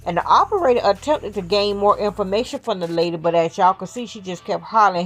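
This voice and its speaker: A woman's voice: medium pitch, animated, a little fast, hardly any pauses, poor audio. A woman giving casual, slangy celebrity-news commentary, talking straight to her viewers.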